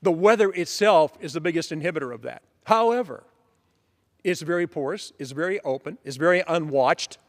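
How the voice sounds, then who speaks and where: Man, lawmaker on the floor, high-pitched, emphatic list-maker, reverberant chamber sound. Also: lively intonation, a little fast. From Pennsylvania. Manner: emphatic, repetitive lists. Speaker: congressman. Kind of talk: floor speech. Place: legislative chamber. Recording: long reverb of a large chamber.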